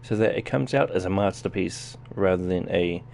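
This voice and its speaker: Gravelly New Zealand gaming streamer. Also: male voice, low-pitched, normal speed, a little mellow, slight background noise. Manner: chatty, talks to viewers while playing. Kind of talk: casual live-stream gameplay commentary.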